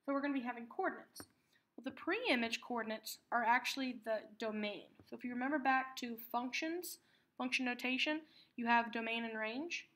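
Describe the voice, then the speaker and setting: A woman teaching a math lesson, patiently explaining terms and repeating key words slowly. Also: on the high side, bright, forceful tone.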